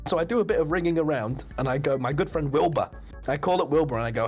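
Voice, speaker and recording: A young man casually telling a rambling story on a stream, laughing often and jumping up in pitch when he recounts his shock. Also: quick pace, a little mellow, soft background music.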